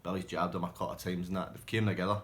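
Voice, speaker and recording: A man's voice: low-pitched, little pitch movement, rapid-fire, a little hiss or hum. A man telling rambling pub stories casually, often laughing and restarting. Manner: rambling, laughing, self-interrupting. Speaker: storyteller.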